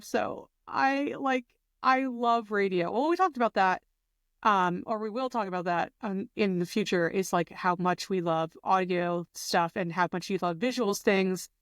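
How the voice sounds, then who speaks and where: A young woman chats on a podcast, bubbly and expressive, full of fillers. Her voice is smooth and clear at a middle pitch. The recording is close and dry. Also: a little slow, no room sound. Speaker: podcast co-host. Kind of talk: casual chat.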